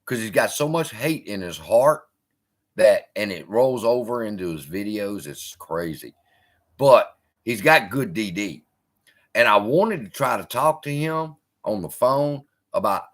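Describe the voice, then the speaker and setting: Speaking at normal speed in a lowish voice, a man hosts a live stream and replies to viewers. The conversation is casual but foul-mouthed, as he swears often and heckles the chat with animated energy.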